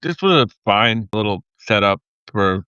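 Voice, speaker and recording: Stammering Boston man ranting, bright tone. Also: on the low side, animated, measured pace, clean tone, no room sound, lo-fi sound. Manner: rambling and stammering, heated rants. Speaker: podcast co-host. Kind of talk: casual podcast chat.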